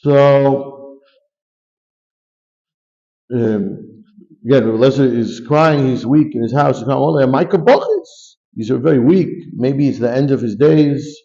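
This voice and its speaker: A man's voice: mid-range voice, animated, unhurried, vocal fry, pauses often, warm tone, highs cut off. A man giving a Talmud class, reading Aramaic phrases and explaining them in English with frequent restarts. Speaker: rabbi teaching Talmud.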